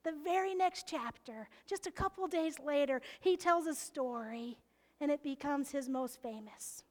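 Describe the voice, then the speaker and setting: A woman preaching a sermon, expressive and often laughing, dropping into hushed whispers to stress a point. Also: high-pitched, a little slow.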